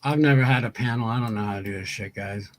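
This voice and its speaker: A man's voice: lowish voice, quick pace. A man ranting on a livestream, angry and profane, repeating his points over and over. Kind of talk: heated livestream rant.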